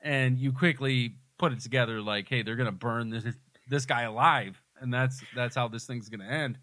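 A man's voice: mid-range voice, normal speed, pushed and bright, no echo. A man co-hosting a podcast, casually retelling movie scenes in detail and laughing often. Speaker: podcast co-host.

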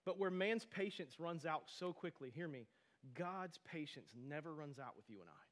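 A man in his thirties, a pastor, preaching a sermon in a conversational, animated storytelling way with frequent asides. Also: fairly high pitch, normal speed.

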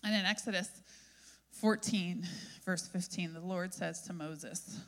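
A woman pastor delivers a sermon as a lively story. She talks conversationally and keeps checking in with listeners. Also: lowish voice, a little slow. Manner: lively storytelling, frequent "right?" asides.

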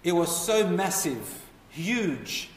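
A man's voice: high-pitched, slow pace. Give me a male lecturer narrating an old story in a big hall with a long echo, asking his audience questions. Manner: animated, asks the audience questions. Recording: echoey hall, voice from far off.

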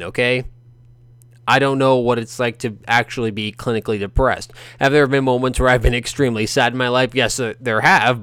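A male podcast host giving opinionated boxing commentary, animated, ranting and sarcastic. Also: medium pitch, smooth, no room sound.

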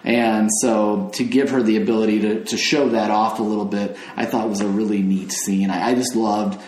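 A man's voice: on the low side, flat delivery, normal speed, darkish tone. A man hosting a casual film podcast, talking enthusiastically and rambling a little. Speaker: podcast host. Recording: roomy echo.

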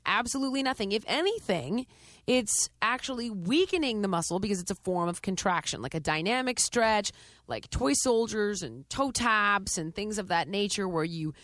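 A woman's voice: mid-range voice, expressive, normal speed, fairly bright tone, no echo. A woman co-hosting a talk show in a casual chat, teasing and sarcastic, with dry humor, who also talks about fitness. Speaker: podcast co-host, fitness trainer.

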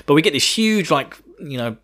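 A man's voice: fairly high pitch, big pitch swings, moderate pace, fairly bright tone. A man hosting a podcast, recapping a video game in casual, irreverent chat with swearing and chuckling asides. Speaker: podcast host.

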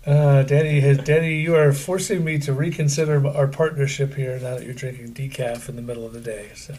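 A middle-aged man with a husky, slightly breathy voice chats casually as a podcast co-host. His talk is joking and self-deprecating. He is from central Pennsylvania. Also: medium pitch, flat delivery, brisk, warm tone.

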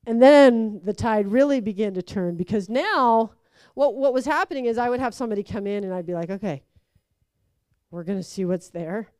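A woman giving a conversational sermon, telling stories with lively acted-out quotes. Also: a little high, fairly quick, no room sound. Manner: animated storytelling, acts out quotes. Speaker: preacher.

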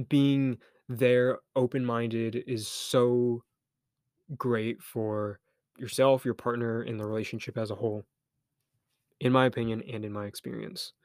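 A man's voice: mid-range voice, no room sound, studio quality. A young man hosting a solo podcast, talking candidly and loosely, thinking aloud with restarts, a little embarrassed but encouraging. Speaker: podcast host. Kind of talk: casual solo podcast monologue.

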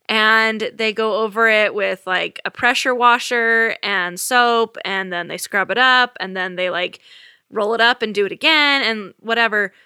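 A woman co-hosting a casual podcast chat, talkative and quick to laugh, with lots of "like" fillers. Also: on the high side, pushed and bright, clear, resonant tone, dry recording, studio quality. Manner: chatty, laughs often, lots of "like". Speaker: podcast co-host.

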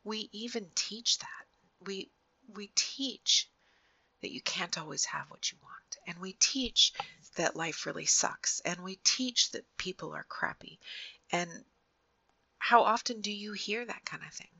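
A woman hosting a podcast, giving an earnest, gentle reflective monologue that often drops to a soft near-whisper. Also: mid-range voice, expressive, measured pace, creaky, no room sound, lo-fi sound. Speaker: podcast host.

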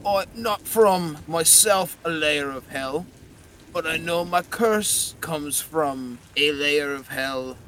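A bitter, cursed werewolf skull speaks in a rough and slangy voice, pushed up higher and louder than everyday talk, as a man puts it on. Steady rain patters behind him in a tabletop game recording. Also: takes it slowly, slight background noise. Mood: gruff. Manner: rough, pained, gruff slangy speech.

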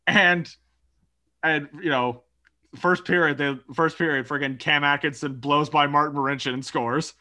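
A young man co-hosts a casual sports podcast, telling a story with animation, swearing and laughter. His voice is fairly high, pushed and bright, with a steady tone at a moderate pace.

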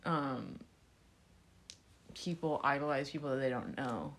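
A woman's voice: extremely low pitch, measured pace, fairly bright tone. A young woman co-hosting a podcast, chatting casually, blunt and jokey with lots of swearing. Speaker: podcast co-host. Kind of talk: casual chat.

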